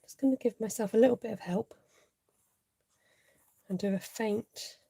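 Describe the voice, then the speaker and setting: Chatty woman with a gravelly, creaky voice. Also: fairly high pitch, moderate pace, mellow, no room sound. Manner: chatty, reads out viewer comments, laughs often. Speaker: card-making tutorial host. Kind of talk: live crafting tutorial, chatting with viewers.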